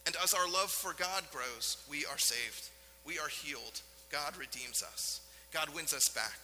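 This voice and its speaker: A male pastor preaching a sermon in a church, earnest and emphatic, with dramatic pauses. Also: a little high, pushed and bright, big-room sound, a little hiss or hum, poor audio. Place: church sanctuary.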